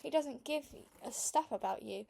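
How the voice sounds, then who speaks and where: A woman reading as a jeering, shouting mother. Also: high voice, animated, normal speed, vocal fry, slight background noise, pitched above the performer's own voice, heavily acted. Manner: jeering, loud and cutting. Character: shouting, scornful middle-aged mother. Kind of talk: storybook read-aloud.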